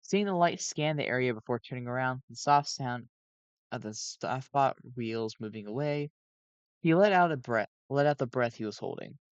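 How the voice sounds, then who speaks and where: A man's voice: mid-range voice, lively intonation, normal speed, smooth, no room sound, muffled recording. A sleep-deprived man reading a fan story aloud on a cheap home mic, often stumbling and correcting himself. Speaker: fan reader. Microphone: cheap home microphone.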